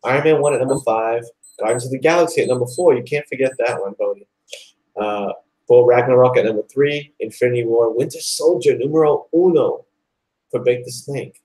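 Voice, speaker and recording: A man hosting a live online talk show, chatting excitedly and rambling, with lots of "like" and "dude". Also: medium pitch, a little fast, low-quality recording. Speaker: host. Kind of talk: casual chat.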